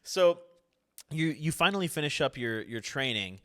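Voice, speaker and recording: A man hosting a podcast, asking curious questions and giving short, relaxed reactions. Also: on the high side, normal speed. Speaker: podcast host. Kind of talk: casual interview.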